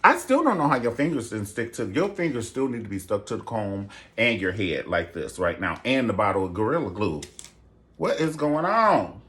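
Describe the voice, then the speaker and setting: A man hosting a casual gossip commentary show, sassy and theatrical, jumping into high falsetto exclamations. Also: sing-song, moderate pace, fairly bright tone. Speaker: show host.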